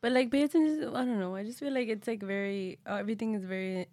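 A woman's voice: medium pitch, racing, a little mellow. A woman co-hosting a podcast, chatting casually, laughing often and swearing. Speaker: podcast co-host. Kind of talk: casual chat.

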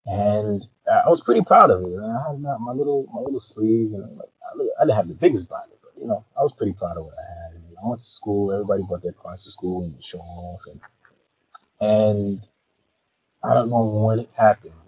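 A man's voice: on the low side, expressive, brisk, lo-fi sound, slight background noise. A man co-hosting a casual podcast, telling a story in a laid-back way with dramatic flourishes. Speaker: podcast co-host. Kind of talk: casual chat.

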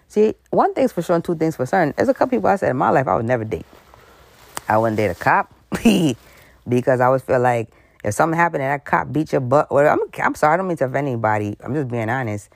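A woman's voice: rumbling low, vocal fry, dry recording, studio quality. A woman host giving a frank, conversational commentary monologue, full of asides and acted-out voices. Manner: animated, conversational, frank, breaks into laughs and voices.

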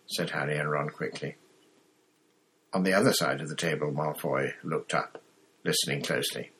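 A man narrating an audiobook in a measured storytelling way. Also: very deep voice, fairly even intonation, bright, forceful tone, breathy edge. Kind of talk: audiobook reading.

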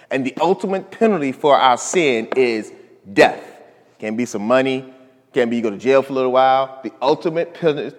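Man preaching in a reverberant hall. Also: mid-range voice. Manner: emphatic preaching with swings between loud and soft. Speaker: pastor. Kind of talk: sermon.

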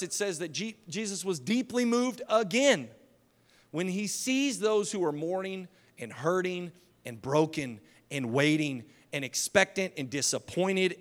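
A man preaching a sermon as pastor, impassioned, swinging from loud declarations to hushed, slow lines. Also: fairly high pitch. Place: church hall. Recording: long hall reverb.

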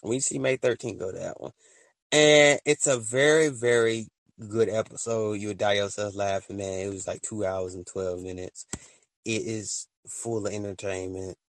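A man hosting a casual solo podcast, rambling and excitable, full of slang and often laughing at his own stories. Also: on the low side, normal speed, no echo. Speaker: podcast host.

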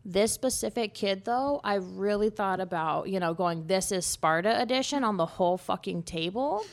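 A young woman co-hosting a podcast, telling a story in a casual, animated way with plenty of swearing. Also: medium pitch, normal speed. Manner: animated, profane, lots of "okay?". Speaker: podcast co-host.

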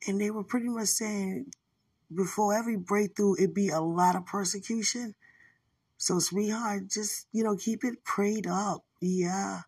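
A woman sharing a spiritual testimony in a relaxed, rambling way, full of "you know"s and warm asides. Her voice is husky and her pace is unhurried. She sits a little back from the mic in a dry room. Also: medium pitch, no room sound, distant mic. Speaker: podcaster.

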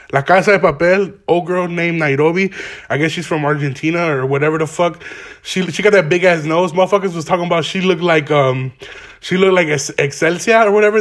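A young man talks through his solo podcast from home in a loose, rambling way, heavy on profane slang. He is stoned and smoking as he goes, and his voice sits slightly higher than most men's. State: stoned, smoking while talking. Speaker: podcast host. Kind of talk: casual solo podcast rant. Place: home, garage.

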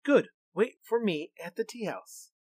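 A man voicing a clever, brave little girl who speaks quickly and eagerly, coaxing a monster in a storybook. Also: sits high, lively intonation, darkish tone, slightly rough, no room sound, pitched above the performer's own voice, heavily acted. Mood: bossy.

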